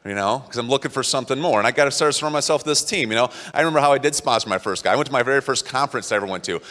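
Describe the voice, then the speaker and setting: A man giving a motivational talk, telling personal stories in an animated way and acting out quotes. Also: medium pitch, very fast, big-room sound. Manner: animated, acts out quotes, laughs at himself. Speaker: motivational speaker. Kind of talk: storytelling talk to an audience.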